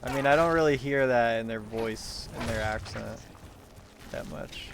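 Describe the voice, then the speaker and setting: A man's voice: mid-range voice, vocal fry, noisy background. A man giving casual, rambling gameplay commentary, joking and swearing freely. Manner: rambling, joking, profane, quick to laugh. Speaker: streamer playing a game.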